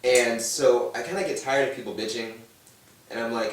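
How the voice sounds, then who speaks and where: A man's voice: mid-range voice, moderate pace. Man in his thirties telling his story. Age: 30s. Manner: animated, acts out quoted voices. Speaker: guest. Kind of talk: candid personal storytelling. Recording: echoey room, distant mic, faint noise.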